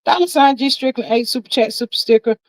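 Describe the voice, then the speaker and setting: Woman, livestream host, chatty and slangy, higher voice, dry close sound. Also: lively intonation, quick pace, dry recording, low-quality recording. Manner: chatty, greets viewers by name, Southern American slang. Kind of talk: casual livestream chat, reading comments aloud.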